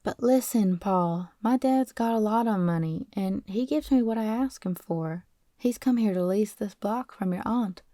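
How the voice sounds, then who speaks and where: A woman's voice: mid-range voice, a little slow, dark tone, no room sound, studio quality, lightly acted. A woman voicing an eager, shy rich teenage boy who pleads in a raised, boyish tone. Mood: pleading.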